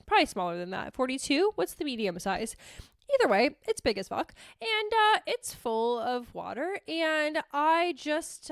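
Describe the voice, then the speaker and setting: A young woman hosting a podcast, telling stories in a casual, animated, self-mocking way and swearing freely. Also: high voice, no room sound, clean studio sound. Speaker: podcast host. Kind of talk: casual storytelling monologue.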